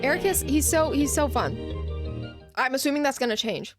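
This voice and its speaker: A woman's voice: high voice, expressive, moderate pace. A young woman streamer ranting and laughing as she reacts to a game, with casual, profane commentary. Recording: game music playing behind.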